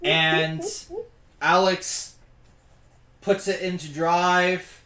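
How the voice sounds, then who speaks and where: A man playing a character in a tabletop role-playing game, lively and animated. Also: high-pitched, very slow. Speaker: player. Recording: echoey room with faint noise.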